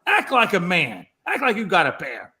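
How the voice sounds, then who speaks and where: A man co-hosting a casual sports talk show, joking loudly and drawing out emphatic phrases. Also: sits high, huge pitch swings, background noise. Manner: joking, loud and blustery, drawn-out emphatic phrases.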